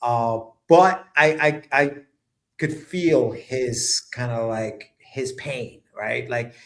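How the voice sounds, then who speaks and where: A man chatting as a guest on an interview show, relaxed and rambling with many fillers. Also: medium pitch, slow. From immigrant to the United States at age seven. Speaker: guest writer and letterer. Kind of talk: casual interview chat.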